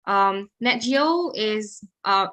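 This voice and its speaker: A young woman with an Indonesian accent, a guest speaker answering questions in an online webinar, chatty and quick with many fillers. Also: medium pitch, animated. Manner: chatty, quick, with fillers and soft trailing asides. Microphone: video call.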